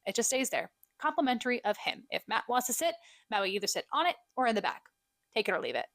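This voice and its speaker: A young woman co-hosting a podcast, catching up in a chatty, self-deprecating, animated way. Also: a little high, fast, dry recording. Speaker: podcast co-host. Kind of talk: casual solo catch-up chat.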